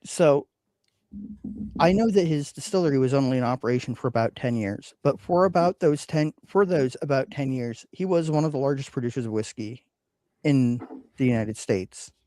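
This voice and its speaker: A man's voice: medium pitch, moderate pace, dark tone, no room sound. A man hosting a casual whiskey podcast, rambling with frequent ums and uhs. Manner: rambling, hesitant with many fillers. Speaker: podcast host. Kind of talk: casual chat.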